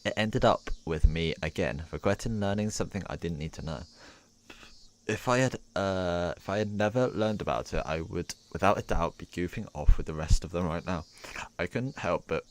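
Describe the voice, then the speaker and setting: A man with a very low, deep voice reads a visual novel aloud on a live stream. He stumbles and restarts lines often, breaking off for asides. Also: normal speed.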